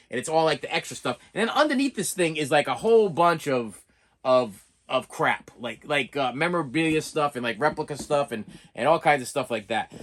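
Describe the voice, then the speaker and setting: A man with a somewhat high, lively voice shows off a prized collection on camera. He rambles, repeats words and grows heartfelt as he talks. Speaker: collector vlogger. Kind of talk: casual collection show-and-tell.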